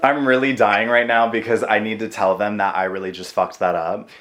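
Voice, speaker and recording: A man hosting his channel in a casual chat, excitable and swearing, laughing at himself. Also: on the low side, fairly quick. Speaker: host. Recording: echoey room.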